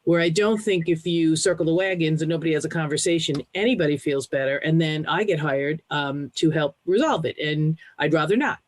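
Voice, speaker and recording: A woman's voice: deep voice, fairly quick, few pauses, no room sound. A woman hosting a podcast interview, speaking in a plain, reflective conversational way. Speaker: podcast host.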